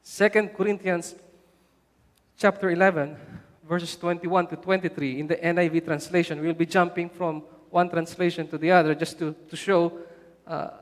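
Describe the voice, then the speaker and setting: High-voiced male pastor in a reverberant church. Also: moderate pace. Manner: animated preaching, rising loud for emphasis; conversational, frequent "right?" asides. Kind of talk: sermon. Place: church hall. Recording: long church-hall reverb.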